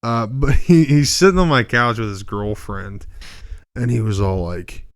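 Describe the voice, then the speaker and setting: A man's voice: mid-range voice, measured pace, no room sound, studio quality. A man in his thirties, a podcast host telling rambling, profane, joking stories in a casual way. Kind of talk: casual comedic storytelling.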